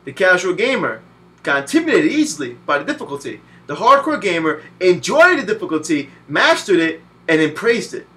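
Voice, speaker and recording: A man in his twenties, from Puerto Rico, giving a profane, animated video game review full of cursing and mocking voices. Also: high-pitched, brisk. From Puerto Rican. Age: 20s.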